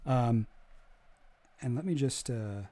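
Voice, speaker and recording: A young man on a live stream giving casual commentary, animated and swearing as he gets worked up. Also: mid-range voice, slow pace.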